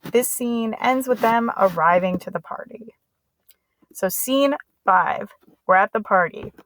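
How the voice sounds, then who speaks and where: A woman's voice: mid-range voice, measured pace, poor audio. A woman teacher giving a casual, chatty lesson summary in slangy everyday speech.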